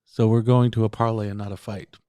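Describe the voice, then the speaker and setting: A man's voice: on the low side, little pitch movement, brisk, dark tone, clean tone, no echo. A man co-hosting a podcast, talking in an easygoing casual chat and explaining things plainly. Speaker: podcast co-host.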